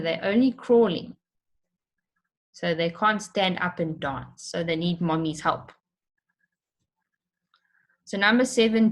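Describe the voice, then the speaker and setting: Woman teacher, lower voice, slow and patient, step-by-step lesson for kids. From South Africa. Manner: patient, explains step by step, repeats questions. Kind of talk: recorded online lesson for children.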